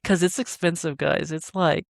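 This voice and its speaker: A woman's voice: deep voice, fairly even intonation, normal speed, vocal fry, dry recording, clean studio sound. Giggly woman telling a story. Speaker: podcast co-host. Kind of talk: casual chat.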